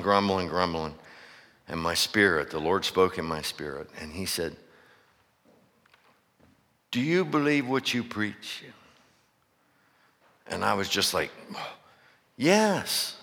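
A man's voice: lowish voice, sharp tone. A male pastor from preaching a sermon, telling stories and calling out questions to his congregation. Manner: storytelling, rising to fervent preaching with questions to the congregation. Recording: echoey church hall.

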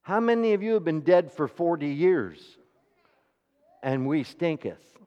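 A man preaching a sermon, asking the congregation rhetorical questions and swinging between hushed, near-whispered passages and loud, ringing declarations. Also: expressive, measured pace. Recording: reverberant hall, dull low-fidelity sound.

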